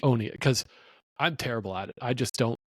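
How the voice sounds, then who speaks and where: A man's voice: medium pitch, fast, no echo. A middle-aged man hosting a podcast, speaking earnestly and supportively as he shares stories. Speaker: podcast host. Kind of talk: podcast conversation.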